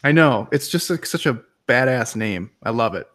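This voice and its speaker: A laid-back man co-hosts a casual webinar and trades quick banter. His pitch is ordinary and middling. He keeps a relaxed, chatty tone throughout. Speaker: webinar co-host. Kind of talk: casual chat.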